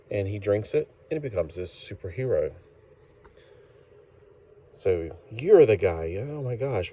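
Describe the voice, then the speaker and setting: A man's voice: low-pitched, a little mellow. A man giving a casual comic book review, rambling along with fillers and self-corrections.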